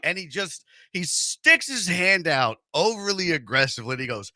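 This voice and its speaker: A man's voice: on the high side, moderate pace, hardly any pauses, no room sound, studio quality. A man hosting a radio show, telling a story in casual chat and acting out the voices in it with jokes. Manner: animated, joking, acts out voices in his story. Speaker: radio host.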